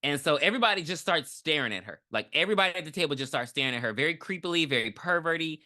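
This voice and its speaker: A podcast co-host recapping a movie in casual, profane chat, animated and mimicking the characters. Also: mid-range voice, racing.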